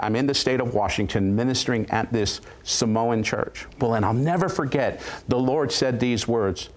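A male guest preacher telling a story of his ministry with animated, dramatic retelling and quoted voices. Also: medium pitch. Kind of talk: storytelling testimony.

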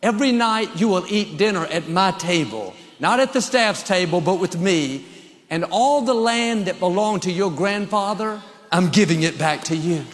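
A man's voice: high voice, expressive, normal speed, big-room sound, a little hiss or hum. A man voicing a generous, reassuring king while retelling a story in a sermon.

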